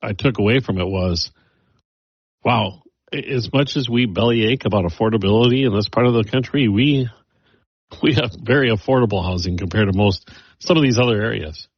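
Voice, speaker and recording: Man, radio host, low and husky, conversational, dry and dull sound. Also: moderate pace, dry recording. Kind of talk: radio talk segment.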